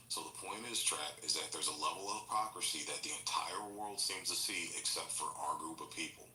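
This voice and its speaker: A man's voice: a bass voice, fairly quick, pushed and bright. A man in a heated online debate, lecturing and insisting on finishing his point. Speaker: debate participant. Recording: roomy echo, faint noise.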